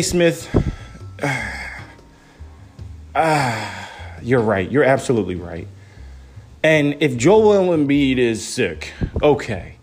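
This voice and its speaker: A young man talks straight into his phone, swinging his pitch high and low as he fires off disbelieving questions. Faint music plays behind him. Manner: animated, incredulous, rapid-fire rhetorical questions. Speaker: sports fan vlogger. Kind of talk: casual phone-camera rant.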